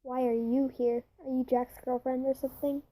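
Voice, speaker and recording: A woman's voice: high voice, flat delivery, normal speed, warm tone, low-quality recording. A woman reading the lines of a menacing, sneering male demon look-alike in a fan fiction reading, voicing him with hissing taunts. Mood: taunting.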